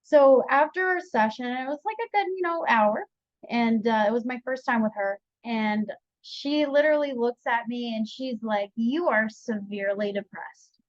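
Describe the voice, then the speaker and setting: Young woman, fairly high voice, dry dull sound, chatty and animated storytelling. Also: normal speed, no room sound. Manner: chatty, animated retelling with quoted dialogue. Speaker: podcast guest. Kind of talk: candid personal story.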